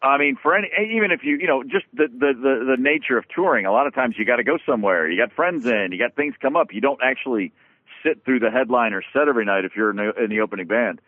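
A man telling a long backstage story in casual conversation, halting with restarts and swearing as he talks. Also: medium pitch, dry recording. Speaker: guest musician. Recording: dry tinny phone-like sound.

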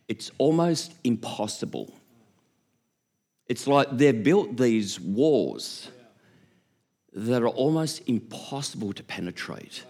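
A man preaching a sermon as a pastor, an animated storyteller who acts out little scenes and laughs often. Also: mid-range voice.

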